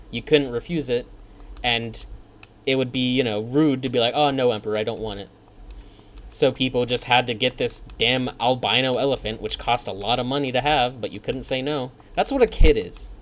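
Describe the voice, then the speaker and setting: A man giving gameplay commentary, ranting in a profane, sarcastic way. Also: mid-range voice. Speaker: let's play host.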